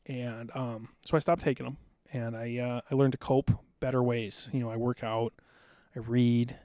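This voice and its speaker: A man's voice: mid-range voice, level tone, moderate pace, warm tone, no room sound, clean studio sound. Amped-up, blunt man telling war stories. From South Dakota. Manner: intense, amped-up, blunt and profane. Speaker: podcast guest. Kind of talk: casual storytelling.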